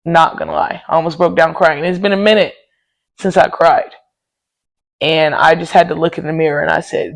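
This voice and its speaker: Tired woman host with a gravelly, creaky voice, talking openly and casually to her listeners. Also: lowish voice, animated, fairly quick, rough recording. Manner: candid, talks straight to listeners, often says y'all. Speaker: podcast host. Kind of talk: casual personal chat.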